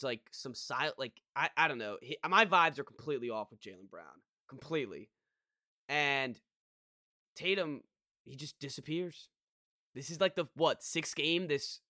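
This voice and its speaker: Guy venting on a sports podcast, rambly and fed up, bright tone, dry close mic. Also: on the high side, dry recording. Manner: rambling, frustrated, many restarts and sighs. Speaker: podcast co-host. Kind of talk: casual sports chat.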